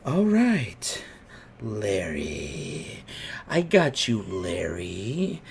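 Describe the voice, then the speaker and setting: A man voicing a creepy, very old man who speaks in a low, breathy near-whisper. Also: huge pitch swings, very slow, a little hiss or hum, exaggerated voice. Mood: creepy hush.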